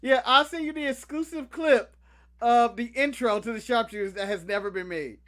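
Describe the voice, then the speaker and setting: An excitable young American man co-hosts a casual chat, with a bright, forceful tone. He jokes constantly and breaks into laughter and sudden shouts. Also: very high voice, moderate pace. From United States. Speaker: podcast co-host.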